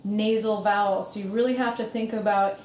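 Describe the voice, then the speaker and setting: A woman's voice: medium pitch, fairly even intonation, a little fast, darkish tone, a little hiss or hum. Woman asking lesson questions, echoey room. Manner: prompting, guiding questions. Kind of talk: lesson interview.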